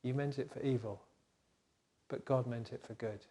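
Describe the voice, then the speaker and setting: A man voicing Joseph, a grown man in power, speaking calmly, gently and solemnly in a children's Bible story. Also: medium pitch, takes it slowly. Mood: gentle.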